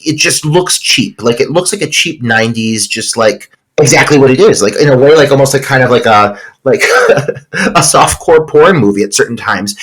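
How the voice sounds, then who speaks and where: A man co-hosting a film podcast, opinionated and animated, filling his talk with "like". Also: medium pitch, breathy edge, low-quality recording. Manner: animated, heavy use of "like", opinionated. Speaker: podcast co-host. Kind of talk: casual film discussion.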